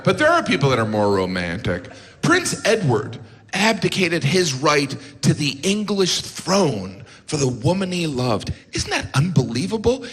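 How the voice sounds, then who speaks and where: A middle-aged man performing stand-up comedy, deadpan, bursting into shrieking exaggerations. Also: a little high. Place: large live comedy venue with audience laughter. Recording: echoey hall, noisy audience room.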